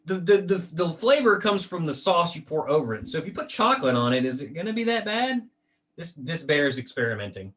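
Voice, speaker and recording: A man's voice: on the high side, sing-song, a little fast, fairly bright tone. A man co-hosting a casual podcast chat, swinging into comic mock-outrage rants with silly quoted voices. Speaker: podcast co-host.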